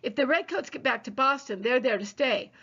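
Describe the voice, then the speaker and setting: A woman's voice: high-pitched, animated, a little fast, a bit bright, slightly rough, heavily acted. A woman doing a weary village reverend. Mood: weary, reassuring. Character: weary male village reverend after battle. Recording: dull lo-fi recording.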